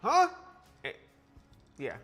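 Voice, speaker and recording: Faint music plays behind a man speaking extremely slowly in a fairly bright tone. He's a South Carolinian live-streaming from his home kitchen, baking and chatting playfully with viewers, answering the chat with sassy exclamations.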